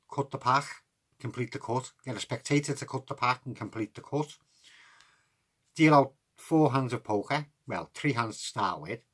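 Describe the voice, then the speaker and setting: A man, talking through a card trick step by step in a relaxed, chatty way. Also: medium pitch. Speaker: card magic tutor.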